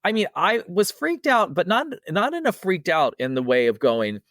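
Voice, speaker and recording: A man's voice: high-pitched, moderate pace, no echo, studio quality. A middle-aged man telling a spooky personal story in a casual, rambling way, with many fillers and restarts, raising his voice to act out other people's lines. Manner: acts out quoted dialogue in a raised, excited voice. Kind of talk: casual spoken ghost story.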